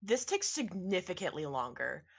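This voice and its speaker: Chatty woman game master, lower voice. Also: very animated, moderate pace, creaky, slightly rough. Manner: chatty, laughing, filler-heavy narration. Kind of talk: narrating a tabletop game.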